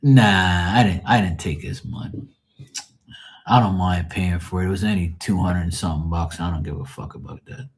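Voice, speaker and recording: A man's voice: sits low, moderate pace. A man hosting a live tarot stream, telling rambling family stories full of swearing and laughing asides. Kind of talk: casual storytelling livestream.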